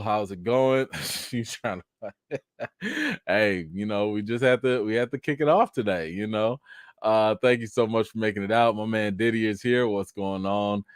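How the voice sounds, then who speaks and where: A man hosting a casual live-stream chat, telling an animated story with acted-out reactions and greeting viewers by name. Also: lowish voice, smooth, no room sound, studio quality.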